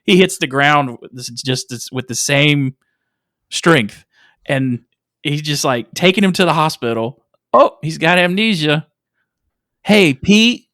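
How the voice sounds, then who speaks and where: A man co-hosting a casual movie review podcast, sarcastic and quick to laugh. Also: on the high side, animated, sharp tone, no echo, studio quality. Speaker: podcast co-host.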